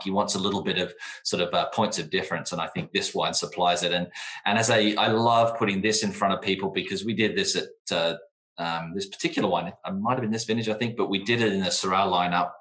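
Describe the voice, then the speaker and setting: A man's voice: low-pitched, fairly even intonation, fairly quick, fairly bright tone, roomy sound. A man speaking as a guest at a casual wine tasting, talking enthusiastically and rambling with many restarts.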